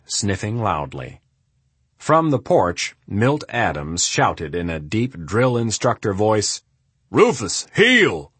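With no echo on the recording, a husky, deep-voiced man narrates an audiobook from a script, keeping his storytelling steady and measured.

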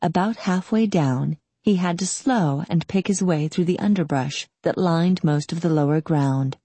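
A woman narrating an audiobook in a calm, steady storytelling manner. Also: on the low side, a little slow, slightly rough, no room sound. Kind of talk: scripted narration.

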